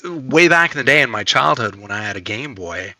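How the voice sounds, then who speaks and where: A man's voice: medium pitch, expressive, brisk, pushed and bright, no room sound, rough recording. A man who is a guest on a gaming podcast, telling long, eager stories with a sarcastic streak. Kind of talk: casual chat.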